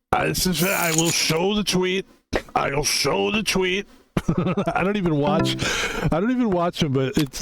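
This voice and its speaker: A man's voice: mid-range voice, darkish tone, slight background noise, rough recording. A man streaming online poker who talks in a casual, rambling, self-mocking way, with a lot of "like". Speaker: game streamer. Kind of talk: casual live-stream commentary.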